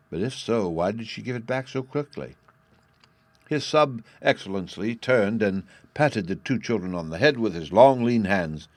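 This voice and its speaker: A man with a low voice reads a classic storybook in calm, steady narration. The sound is close and dry, with no room around it. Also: moderate pace, no echo. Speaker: audiobook narrator. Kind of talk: scripted narration.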